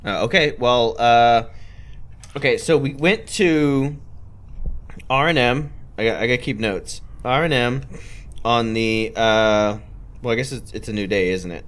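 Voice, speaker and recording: A man's voice: medium pitch, lively intonation, a little slow, pauses often, a bit bright. A young man with a sore throat chatting casually and swearing while playing a game, with many fillers. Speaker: gaming channel host. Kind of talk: casual let's play chat.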